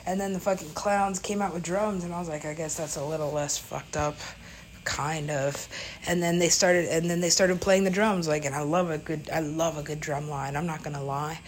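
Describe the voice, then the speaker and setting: A woman's voice: sits low, steady tone, brisk, slight background noise, poor audio. A woman DJ telling a story in a casual, rambling way, full of fillers and swearing.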